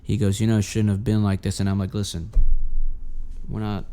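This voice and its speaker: A man's voice: lowish voice, monotone, fast talker, mellow, faint music behind. A man guesting on a podcast, telling a personal story in a rambling, profane way with many restarts. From Los Angeles. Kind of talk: casual storytelling.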